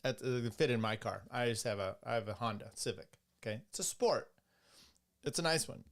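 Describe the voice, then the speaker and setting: A man's voice: mid-range voice, expressive, a little fast, creaky. A young man hosting a podcast, rambling and sarcastic as he comments on clips, with frequent restarts and asides. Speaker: podcast host. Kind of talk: casual commentary.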